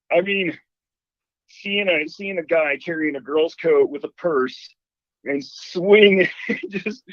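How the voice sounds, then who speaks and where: A man calling in to a show and telling a ghost story in an animated way, acting out the voices he quotes. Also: fairly high pitch, no room sound. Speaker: caller. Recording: dull phone line.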